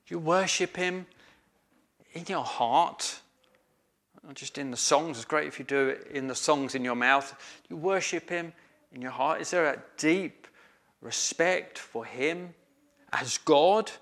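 Male preacher, slow emphatic sermon delivery, bright tone. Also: fairly high pitch. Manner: slow, emphatic, with hesitant fillers.

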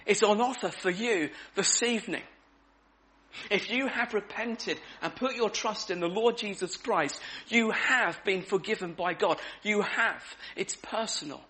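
A man's voice: sits high, a little slow, pushed and bright. A man preaching an evening sermon in a conversational way, repeating key words for emphasis.

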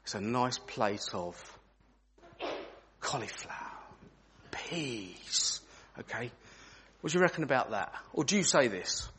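A man's voice: medium pitch, takes it slowly, pauses often, a little hiss or hum. A man leading an interactive children's talk in church, asking the children questions as he goes. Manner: animated, asks children questions.

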